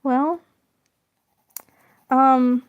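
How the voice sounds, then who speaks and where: A woman streaming while she draws, chatting casually and gently encouraging her viewers. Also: high-pitched, fairly even intonation, very slow, clean tone, phone-quality sound. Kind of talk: casual chat.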